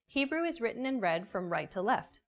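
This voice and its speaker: Lesson host, woman, slightly high and animated, soft music under. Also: brisk. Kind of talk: scripted lesson narration.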